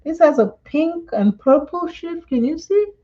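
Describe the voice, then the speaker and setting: A woman hosts a live makeup tutorial, chatting slowly and unhurriedly between steps. Her voice is mellow and soft-edged, and she laughs easily as she tells stories. The sound is a little dull and muffled. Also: very high-pitched, lively intonation. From Dominica. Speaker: makeup vlogger.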